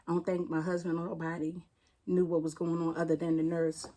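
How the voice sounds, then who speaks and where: Mellow-voiced D.C. woman recounting her loss. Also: on the low side, completely flat delivery. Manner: plainspoken, halting, retelling a painful loss. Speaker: interview guest, firefighter. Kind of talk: personal storytelling in an interview.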